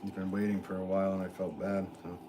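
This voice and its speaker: A man's voice: low voice, completely flat delivery, quick pace. A man who is a potter, chatting casually on a livestream from his pottery studio, rambling with many ums and restarts. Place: pottery studio with fans running. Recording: clear fan noise behind the voice.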